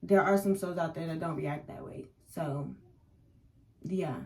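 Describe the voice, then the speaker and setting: A young woman with a deep, warm voice speaks unhurriedly on a rough recording. She's a vlogger telling candid, rambling stories in a casual story-time format, peppered with slang and filler words.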